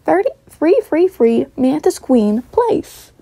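A woman's voice: high-pitched, very animated, slow pace, vocal fry, mellow, no room sound, pitched above the performer's own voice, exaggerated voice. A woman voicing a flippant, laid-back man who answers with breezy, offhand excuses.

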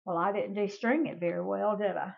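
A woman's voice: medium pitch, brisk, gravelly. Older woman, cooking host, chatty, homey, lo-fi dull recording. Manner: chatty, homey, addresses viewers as y'all. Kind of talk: casual cooking demonstration.

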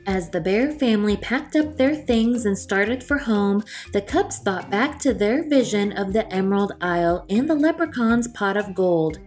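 A woman's voice: mid-range voice, expressive, moderate pace, few pauses, darkish tone, faint music behind. Woman reading a children's storybook aloud. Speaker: storytime reader.

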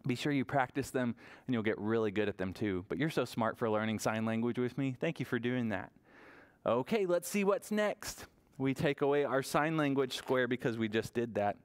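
A man leading a virtual toddler story time as a children's librarian, talking in an animated, sing-song way to small children. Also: mid-range voice, moderate pace, clear, resonant tone.

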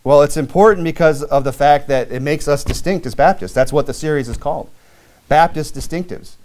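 A man's voice: on the high side, fairly quick, darkish tone. A man preaching a sermon as pastor in a church, reading scripture aloud and talking plainly with frequent restarts.

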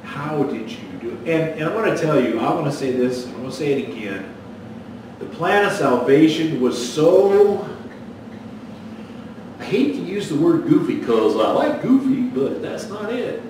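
A man's voice: on the high side, sing-song, normal speed, darkish tone, heavy reverb, recorded from a distance, a little hiss or hum, poor audio. A man preaching a sermon as pastor, folksy and storytelling, with a joke that he acts out in voices. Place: church sanctuary.

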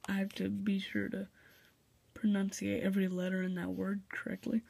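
A man's voice: high-pitched, completely flat delivery, moderate pace, gravelly, pauses often, warm tone, slight background noise. A young man hosting a let's play video, chatting casually and reading game dialogue aloud. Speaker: gaming video host. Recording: faint game music behind.

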